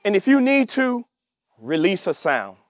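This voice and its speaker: A man preaching a sermon, emphatic, calling out to the congregation and shouting at the peaks. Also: high voice, huge pitch swings, measured pace, no echo, clean studio sound. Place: church service with online audience.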